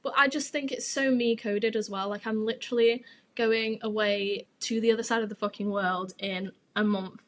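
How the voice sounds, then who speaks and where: A woman's voice: mid-range voice, fairly even intonation, normal speed, a bit bright. A young woman, hosting her podcast and telling a gossipy story in a frank, sweary, chatty way. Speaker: podcast host.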